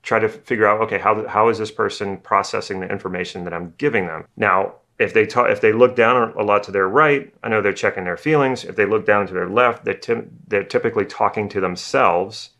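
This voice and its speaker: A man's voice: fairly low pitch, gravelly, sharp tone. A man explaining NLP ideas in a casual video lesson, repeating phrases as he thinks aloud. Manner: acts out slow and fast talkers. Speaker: NLP teacher.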